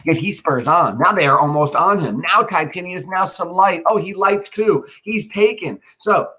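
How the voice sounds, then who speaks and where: A man's voice: high-pitched, normal speed, pushed and bright, voice pushed up. A man reading aloud the lines of a frantic male servant watching a battle from a hill, in Shakespeare verse. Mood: alarmed.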